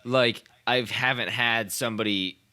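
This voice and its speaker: Bright-voiced young man, eager. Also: medium pitch, steady tone, unhurried. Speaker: podcast co-host. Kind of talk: casual film discussion.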